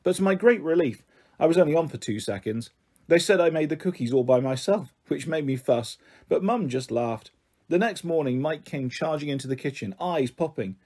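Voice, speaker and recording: A man's voice: on the high side, lively intonation, moderate pace, darkish tone, slightly rough. A man reading a children's storybook aloud, narrating expressively. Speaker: audiobook reader.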